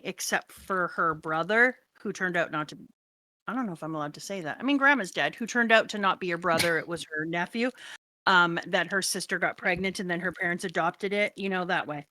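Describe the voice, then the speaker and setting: A woman's voice: on the low side, sharp tone, dry recording. A middle-aged woman from Canada, co-hosting a book club stream with her son, telling a family story in a teasing, playful way. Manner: playful, teasing, jumps into goofy voices. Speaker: streamer co-host, mother. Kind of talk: casual chat.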